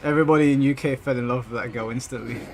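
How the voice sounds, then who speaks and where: A man's voice: mid-range voice, quick pace, creaky. A British man hosting an online gaming tournament stream, chatting casually and reading out viewer comments before answering them. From United Kingdom. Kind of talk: casual live-stream chat. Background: music.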